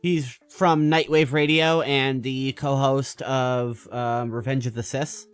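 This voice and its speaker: A man's voice: medium pitch, slow pace, clear, resonant tone, faint music behind. A man streaming a game and chatting loosely with a friend on a voice call, with hesitant restarts. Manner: relaxed, hesitant, many "uh" and restarts. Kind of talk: casual voice-chat while gaming.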